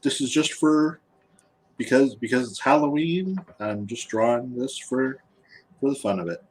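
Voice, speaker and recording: A man, an artist and guest, chatting casually while he draws, halting and repeating words as he goes. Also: medium pitch. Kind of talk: casual chat while drawing.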